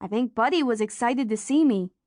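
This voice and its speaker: A woman voicing a relaxed, good-humored young boy in an audiobook. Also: fairly high pitch, a little fast, no room sound, studio quality, natural voice. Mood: easygoing. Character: easygoing young boy, good-natured friend. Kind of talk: audiobook character voice.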